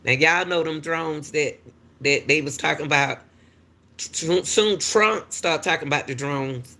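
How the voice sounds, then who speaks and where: Woman, gravelly voice, animated storytelling, crossing guard, chatting straight to viewers. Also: deep voice, measured pace. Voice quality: talks straight to viewers with repeated "y'all", animated and laughing.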